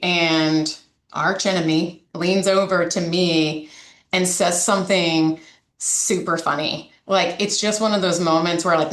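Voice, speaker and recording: Woman, coalition director, candid interview storyteller; lower voice, roomy echo. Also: a bit bright. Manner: storytelling, frequent fillers and restarts. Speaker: domestic violence coalition director.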